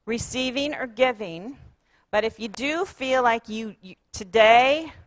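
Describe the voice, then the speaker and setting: A woman's voice: on the high side, a little slow, no room sound. A woman pastor preaching a sermon, encouraging her congregation and leading them in repeated chanted affirmations. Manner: warm, encouraging, leads call-and-response chanting. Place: church sanctuary.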